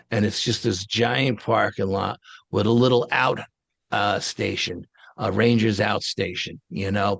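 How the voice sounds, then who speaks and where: A low, gravelly man tells his story as an interview guest. His talk is casual, blunt and colloquial. The sound is dry and close. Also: no room sound. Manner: colloquial, blunt, street-wise phrasing. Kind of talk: casual first-person storytelling.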